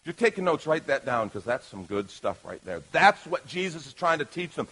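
A male pastor delivers a sermon in a high-pitched voice. He is lively and playful with the congregation, shifting from loud calls to soft, quiet asides. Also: brisk, few pauses, slightly rough, rough recording.

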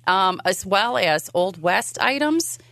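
A woman's voice: medium pitch, expressive, slow, vocal fry, a bit bright, no room sound. A woman co-hosting a radio show for an auction company, talking in an upbeat, promotional way. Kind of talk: casual radio talk.

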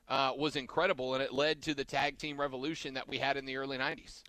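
Bright-voiced rambling male podcast host. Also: medium pitch, steady tone, fast, few pauses, no echo. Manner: rambling, trails off and backtracks mid-sentence. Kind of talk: casual wrestling podcast chat.

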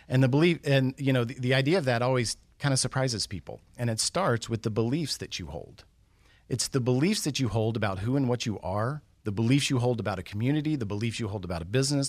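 Middle-aged man, animated motivational storyteller, teasing questions, mid-range voice, close and dry. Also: mid-range voice, no echo. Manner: animated, builds suspense with questions. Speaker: guest speaker.

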